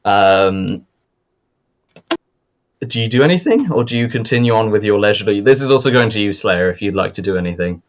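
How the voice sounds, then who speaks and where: A man's voice: on the low side, expressive, brisk. A young man narrating as game master, rambling with lots of fillers. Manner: rambling with many fillers and laughs.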